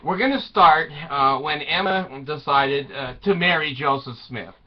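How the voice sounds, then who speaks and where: A man's voice: on the high side, a little slow. A man telling a crude, irreverent comic story, giggling often as he goes. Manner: giggles constantly, crude jokes. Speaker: comedic storyteller. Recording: dull lo-fi sound.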